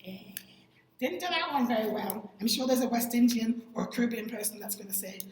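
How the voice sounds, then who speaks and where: A woman vlogger talking casually about sayings, with lively jumps in pitch. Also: brisk, echoey room, noisy background. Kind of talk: casual talk explaining sayings.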